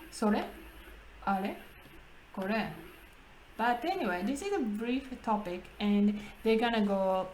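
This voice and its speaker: A woman hosting a casual language-practice chat, talking slowly, laughing often and restarting her phrases. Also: mid-range voice, a little mellow, a little hiss or hum, rough recording. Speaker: English conversation partner and host.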